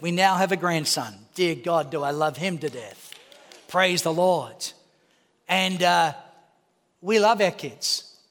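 A man, preaching a lively sermon with jokes and acted-out voices. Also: sits high. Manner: animated, acts out voices, jokes with the congregation. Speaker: pastor. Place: church auditorium. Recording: preaching in a reverberant hall.

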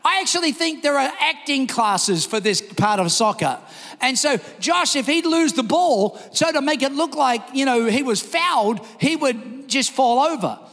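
A man preaching a sermon, telling a story with energy and shouting the quoted lines. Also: very high-pitched, expressive, moderate pace, gravelly. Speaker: pastor. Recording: long hall reverb.

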